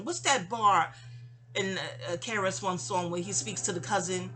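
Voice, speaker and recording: A woman's voice: mid-range voice, normal speed, bright, forceful tone. A woman, telling a personal story in a casual, rambling audio-diary style, stammering and restarting and acting out quoted lines.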